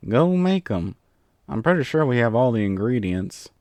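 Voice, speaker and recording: A man's voice: medium pitch, very animated, moderate pace, darkish tone, dry recording, lightly acted. A man voicing a blunt, sleepy country mare with a put-on Southern drawl, grumbling dryly in a storybook reading. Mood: groggy. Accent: American Southern (put on). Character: blunt sleepy country female earth pony.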